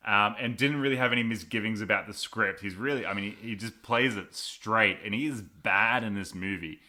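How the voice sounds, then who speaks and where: A man co-hosting a casual movie review podcast, sardonic and quick to laugh, breaking into mocking voices of characters. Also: fairly low pitch, pushed and bright. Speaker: podcast co-host.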